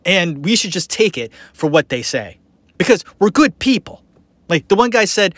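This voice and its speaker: A man's voice: fairly high pitch, normal speed, dry recording. A man hosting a podcast, talking through a documentary in a casual, opinionated and rambling way. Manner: animated, opinionated, rambling with fillers. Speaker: podcast host. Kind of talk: casual commentary.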